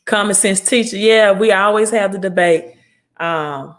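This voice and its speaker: A woman's voice: mid-range voice, a little slow. Blunt Southern woman hosting a livestream. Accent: Southern US, Mississippi. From Mississippi. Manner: blunt, scolding, talks straight to viewers. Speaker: credit repair livestream host. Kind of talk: casual livestream talk reading viewer comments.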